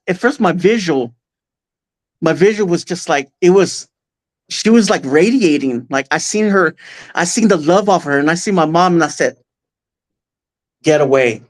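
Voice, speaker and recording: Male guest, heartfelt and halting storyteller with plenty of restarts, speaking close into a podcast mic. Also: high-pitched. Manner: halting, full of restarts and fillers; earnest and emotional. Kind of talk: casual personal storytelling.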